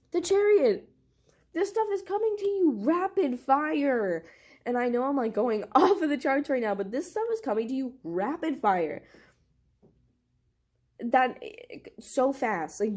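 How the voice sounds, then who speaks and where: A young woman doing a casual tarot reading to camera, excitable and gushing, with lots of "like". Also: mid-range voice. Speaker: tarot reader.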